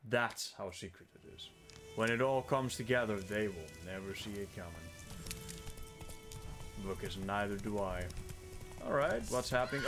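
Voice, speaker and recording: Over music, a Dutch man with a fairly low voice streams a game live, speaking at a moderate pace and pausing often. He jokes at his own expense and swears freely while going through his inventory in casual gameplay commentary.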